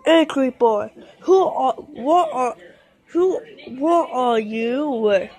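A woman acting out a toy play in many quick voices, excitable and switching between shouts and mutters. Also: high-pitched.

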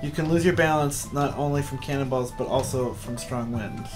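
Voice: medium pitch, normal speed. Exasperated young gamer telling stories. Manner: storytelling, exasperated outbursts. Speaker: player. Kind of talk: casual let's-play banter. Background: game music.

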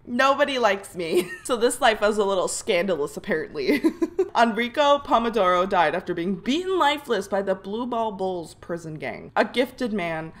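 A woman's voice: medium pitch, expressive, moderate pace. A young woman giving let's play commentary on a life simulation game, giggling often and reacting dramatically to each event. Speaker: gaming YouTuber.

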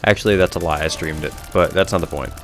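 A young man hosting a gaming video casually comments on his own gameplay through a headset mic, rambling, correcting himself, and laughing often. His low voice moves fast over soft background music.

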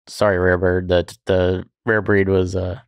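A man's voice: deep voice, level tone, unhurried, gravelly, smooth, no echo, lo-fi sound. A man co-hosting a podcast in casual chat, chiming in with short quips. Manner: chimes in with short quips and laughs.

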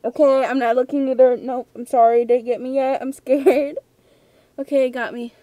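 A young woman at home plays a scary game, chattering nervously and giggling to herself in let's-play style. Her voice is high and warm, with a level tone, a moderate pace and no room sound.

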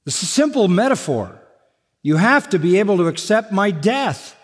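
A man's voice: high-pitched, big pitch swings, moderate pace. Emphatic preaching man in an echoey hall. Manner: emphatic preaching with repeated refrains. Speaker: pastor. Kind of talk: sermon.

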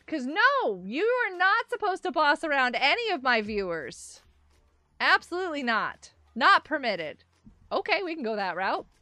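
A woman's voice: high-pitched, big pitch swings, unhurried, sharp tone, dry recording, clean studio sound. A woman streamer chatting casually while playing a game live, giggly and greeting her viewers.

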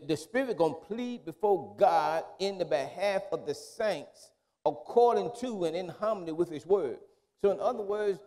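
Male pastor, high-pitched, conversational sermon. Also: warm tone. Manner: repetitive, conversational preaching with restarts.

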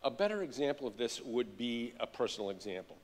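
A man's voice: medium pitch, quick pace. A middle-aged man, a child psychologist, giving a keynote lecture and telling stories with animation. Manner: animated storytelling.

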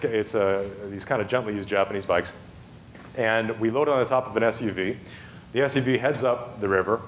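A man's voice: fairly low pitch, slight background noise. A man giving a humorous storytelling talk on a festival stage, chatty and self-amused, with many asides and restarts. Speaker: festival speaker.

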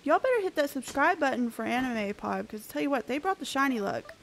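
A woman, chatting excitably with viewers while she streams a game. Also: high-pitched, brisk, vocal fry, slight background noise. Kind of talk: casual live-stream chat.

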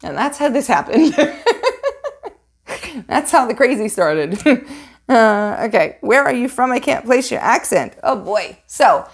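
A middle-aged woman from Long Island with a light New York accent softened by Southern California, chatting casually and animatedly in a Q&A vlog about her art. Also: a little high, unhurried, pauses often, breathy edge. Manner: chatty and animated, frequent fillers and laughs. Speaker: resin art YouTuber.

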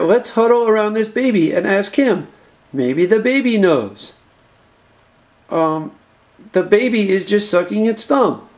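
A man voicing an earnest nerdy boy with glasses and a BB gun in a home-made comedy movie, delivering lines deadpan. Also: high voice. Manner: deadpan, plodding announcement-style lines.

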